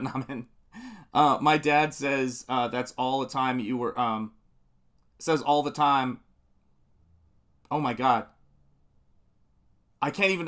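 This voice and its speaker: A man's voice: fairly high pitch, sharp tone. A middle-aged man hosting a live painting stream, chatting in a rambling, friendly way, answering viewer comments and laughing often while he works. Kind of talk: casual live-stream chat.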